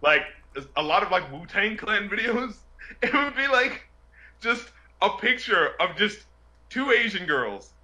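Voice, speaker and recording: A man hosting a casual chat, telling stories in an animated way and often breaking into laughter. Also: high-pitched, unhurried. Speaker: music video reviewer and show host.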